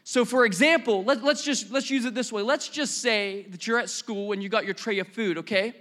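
A man preaching a sermon as pastor, telling stories in an animated, conversational way with bursts of emphasis. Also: high-pitched, a little fast.

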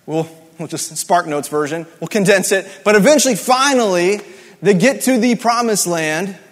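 A man's voice: high-pitched, animated, moderate pace, in a large hall. A man preaching a sermon in a conversational, emphatic way, repeating key words for effect. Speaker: pastor.

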